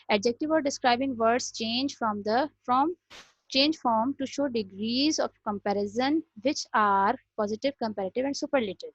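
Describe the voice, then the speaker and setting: A woman's voice: a little high, no room sound. A woman teaching a grammar lesson, explaining step by step and repeating "okay" often. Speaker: English teacher. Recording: dry, dull lo-fi recording.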